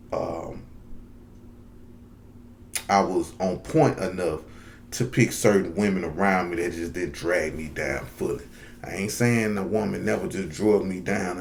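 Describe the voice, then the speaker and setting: Low-voiced guy doing heartfelt vlog talk, real earnest, says stuff twice to drive it home. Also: a little hiss or hum. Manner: earnest, heartfelt, repeats lines for emphasis. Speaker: vlogger. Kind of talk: direct-to-camera commentary.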